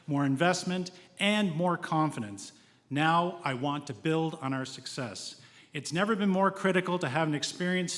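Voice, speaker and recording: A man who serves as mayor speaks at a debate, steady and measured as he ticks through his points. His voice sits somewhat high. A long hall reverb hangs around his words. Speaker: incumbent mayor. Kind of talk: prepared debate statement.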